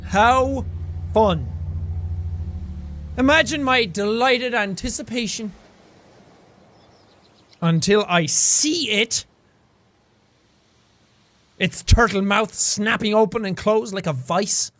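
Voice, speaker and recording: A man voicing an anxious, dramatic young woman stranded in a car as he reads game dialogue aloud, in a high, swooping, overwrought tone. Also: slow pace, long pauses, fairly bright tone.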